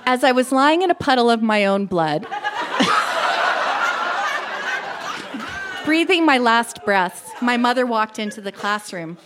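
Woman reading a dark story aloud. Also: a little high, animated, moderate pace, hardly any pauses, crowd noise, background noise. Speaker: reader.

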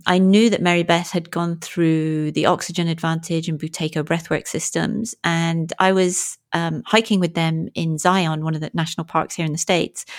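A woman guest on an interview talks in a candid, lively storytelling style. She jumps into quoted speech with plenty of energy. Her pitch sits slightly below the usual for women. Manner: animated and frank, acts out quoted speech. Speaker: guest, movement and breathwork coach.

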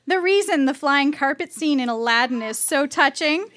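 A woman's voice: sits high, lively intonation, moderate pace, a bit bright. A woman on stage reading her dreamy teenage diary entries aloud, with wry timing.

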